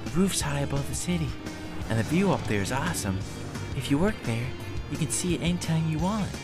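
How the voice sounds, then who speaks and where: A man's voice: on the high side, expressive, a little fast, over loud music, pitched below the performer's own voice, close to an everyday voice. A man voicing a sly male tempter in a whispered role-play, keeping his voice secretive and coaxing.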